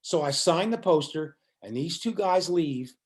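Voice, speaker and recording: Animated older man telling a story. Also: on the high side, measured pace. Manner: animated storyteller acting out quotes. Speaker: musician guest. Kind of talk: storytelling in an interview.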